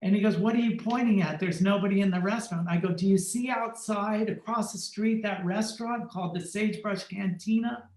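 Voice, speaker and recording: Podcast guest, male, high voice, roomy echo; animated storyteller who voices every character in the tale. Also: brisk, few pauses. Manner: acts out quoted dialogue in lively shifting tones. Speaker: podcast guest, fashion photographer.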